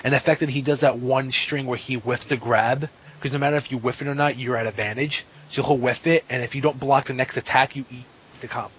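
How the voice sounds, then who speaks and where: A man's voice: mid-range voice, steady tone, brisk, a bit bright, slight background noise. Casual swearing man, muffled audio. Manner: swearing, filler-heavy game talk. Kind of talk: casual podcast chat.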